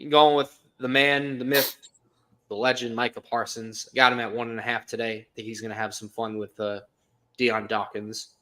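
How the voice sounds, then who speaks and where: A man co-hosting a casual sports podcast, loud and jokey, swearing freely as he gives his picks. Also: medium pitch, level tone, normal speed. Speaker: podcast co-host.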